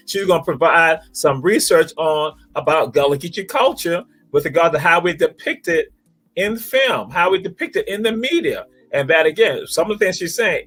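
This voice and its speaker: A man's voice: a little high, fairly bright tone, husky. A man hosting a talk show, speaking in a preacherly way and repeating phrases for emphasis. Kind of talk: spirited talk show monologue.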